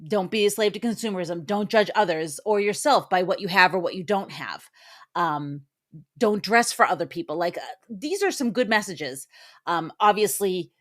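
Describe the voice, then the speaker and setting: Lady on a movie podcast going over the plot, ums and likes, regular pitch. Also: expressive, moderate pace. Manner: recaps plot, then shares opinions with fillers. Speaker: podcast co-host. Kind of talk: casual movie review chat.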